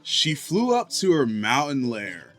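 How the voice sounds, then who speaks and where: A man voicing a male cartoon mole as a laid-back surfer dude, drawling slowly. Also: mid-range voice, wildly swooping pitch, a bit bright, exaggerated voice.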